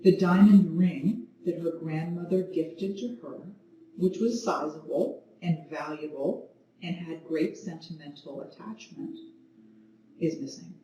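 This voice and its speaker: A woman yoga teacher talks a class through poses, weaving a story between calm, gentle cues. Her voice is mellow and dark, and she takes her time. The recording is very roomy and picked up from a distance. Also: low-pitched, measured pace. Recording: very echoey room, mic at a distance, faint noise.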